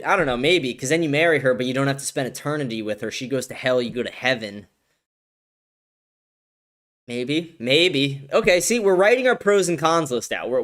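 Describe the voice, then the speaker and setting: A man's voice: mid-range voice, a bit bright. A man hosting a livestream, reading chat messages and joking crudely in a brash, casual way. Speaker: livestream host.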